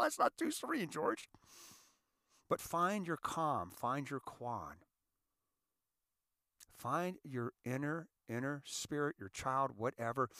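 A man's voice: mid-range voice, no room sound, studio quality. A middle-aged man hosting a casual self-help talk show from his car, joking and acting out quoted voices. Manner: animated, jokey, acts out voices in quoted dialogue. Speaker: radio show host. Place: inside his parked car.

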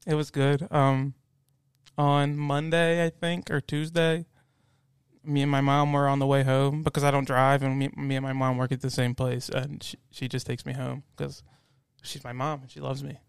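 A man co-hosting a casual podcast, telling an animated story and mimicking voices as he goes. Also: mid-range voice, moderate pace, vocal fry, smooth, dry recording. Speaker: podcast co-host. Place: studio basement.

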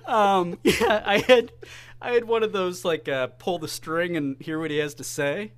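Jokey excitable guy cohosting a sports podcast, riffs and gets fired up. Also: high-pitched, measured pace, clear, resonant tone. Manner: excitable, jokey, laughs often. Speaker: podcast co-host. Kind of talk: casual sports chat.

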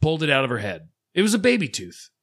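Bright-voiced man telling a rambling story. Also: a little high, huge pitch swings, quick pace. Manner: rambling profane storytelling, acts out others' lines. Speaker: podcast co-host. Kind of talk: casual chat.

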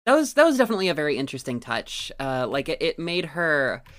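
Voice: mid-range voice, big pitch swings, fast, fairly bright tone. Enthusiastic, profane podcast co-host. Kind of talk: casual chat.

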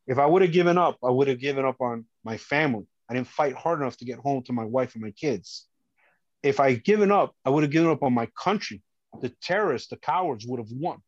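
A man's voice: mid-range voice, dry recording, highs cut off. A former police officer telling his own story as a podcast guest, intense and emphatic, repeating phrases for weight. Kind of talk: emotional first-person storytelling.

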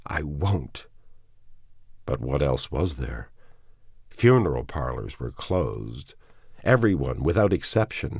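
A man reading a novel aloud as audiobook narration, in a measured and somber way. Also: extremely low pitch, a little mellow, slightly rough, no room sound, studio quality. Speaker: audiobook reader.

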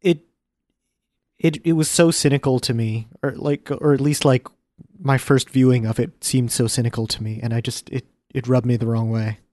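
Man, podcast co-host, hesitant, halting, dry close sound. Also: medium pitch, steady tone, a little mellow, dry recording. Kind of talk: casual chat about an anime.

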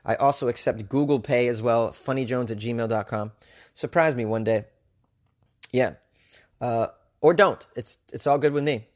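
A man's voice: medium pitch, normal speed, pauses often. Rambling, joking male podcast host. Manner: loose, joking, rambling with many fillers. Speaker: podcast host and stand-up comic. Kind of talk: casual solo podcast chat.

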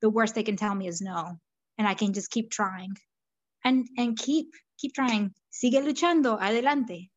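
A woman's voice: mid-range voice, normal speed, dry recording, dull audio. Middle-aged woman from Peru, thoughtful. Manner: thoughtful, speaks with many fillers and restarts. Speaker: guest. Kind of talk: reflective conversational storytelling.

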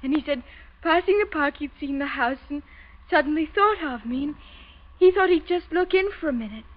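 An actress playing a frightened, distraught young daughter who answers in a tearful, trembling, pleading way in an old radio drama. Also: female voice, sits high, lively intonation, brisk, dull audio.

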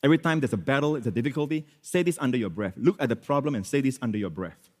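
A man preaching a sermon in church as pastor, switching between loud, emphatic exclamations and hushed, prayerful phrases, with many repetitions and hallelujahs. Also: medium pitch, lively intonation, racing, in a large hall. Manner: repeats phrases, frequent hallelujahs and amens.

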